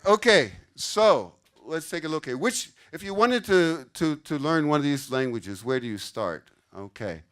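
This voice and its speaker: A man's voice: fairly high pitch, animated, measured pace, few pauses, a bit bright. Older man giving a casual lecture. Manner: casual, explanatory, keeps checking with "okay?". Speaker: conference speaker. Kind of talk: lecture to a live audience. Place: conference room.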